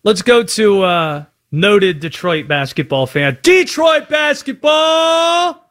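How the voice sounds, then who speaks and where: Wry fast-talking male radio host. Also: a little high, fairly bright tone. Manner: quick, wry, needling. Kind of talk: sports talk radio debate.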